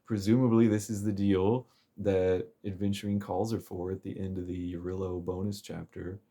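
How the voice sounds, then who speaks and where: A man's voice: sits low, flat delivery, moderate pace, dark tone. A man casually recapping a game's story chapter, rambling and chuckling with plenty of fillers. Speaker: game story commentator.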